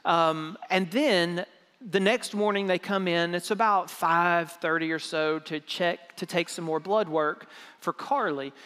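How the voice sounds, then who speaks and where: Young male pastor, storytelling sermon, acts out quoted lines, slightly high voice, long hall reverb. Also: a bit bright. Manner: conversational, acts out quoted dialogue.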